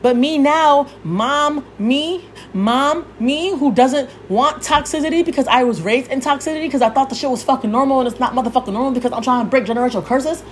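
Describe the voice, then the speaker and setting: Heated high-pitched young woman ranting. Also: a little fast, hardly any pauses, a little hiss or hum. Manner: heated, cursing freely, yelling at times. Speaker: podcast host. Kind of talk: profane rant.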